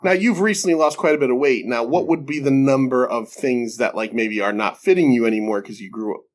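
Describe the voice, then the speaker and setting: A man's voice: mid-range voice, a little fast. A man hosting a podcast, joking and teasing his co-hosts with plenty of swearing. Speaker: podcast host. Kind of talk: casual chat.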